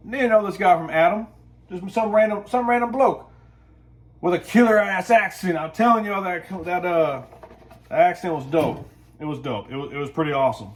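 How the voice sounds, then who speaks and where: A man telling a story in a relaxed, rambling way as a vlogger, often repeating himself. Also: a little high. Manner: laid-back, rambling, repeats phrases. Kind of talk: casual storytelling monologue.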